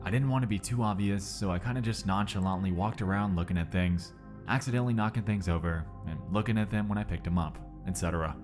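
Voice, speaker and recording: A man reading a story aloud in a steady, measured narration. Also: deep voice. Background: music.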